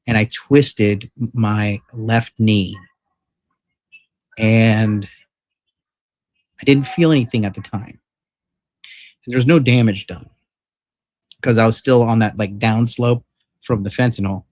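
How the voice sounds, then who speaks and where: A man with a lowish voice telling a story straight to camera, swearing freely and circling back with fillers and restarts. He speaks frankly and with emphasis. The sound is dry and close, with no room echo. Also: fairly even intonation, slow, long pauses, darkish tone. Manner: rambling, profane, filler-heavy retelling. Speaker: vlogger. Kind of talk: casual storytelling vlog.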